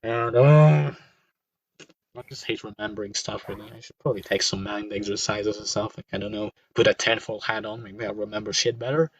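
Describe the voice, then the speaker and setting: A man's voice: on the low side, level tone, fast talker, hardly any pauses, sharp tone, slightly rough. A young man co-hosting a casual podcast chat, joking crudely in a mock-sarcastic way. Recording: dull, dry lo-fi mic.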